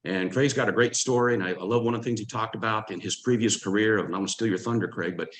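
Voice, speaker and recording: A man's voice: fairly low pitch, fast, poor audio. Easygoing man hosting a call. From Louisiana. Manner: relaxed, many fillers and restarts. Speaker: host. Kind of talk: casual team call hosting.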